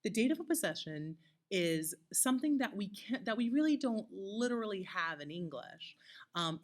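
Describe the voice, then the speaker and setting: A woman teaching a recorded lesson, talking conversationally with many fillers and checking in with "okay?" often. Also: fairly low pitch. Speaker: Latin teacher. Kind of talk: recorded lecture.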